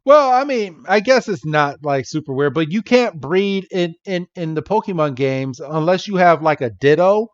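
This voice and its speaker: A man's voice: a little high, no echo. Male podcast co-host, casual recap, slightly muffled, dry close sound. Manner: animated retelling with quick impressions of characters. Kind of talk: casual episode recap chat.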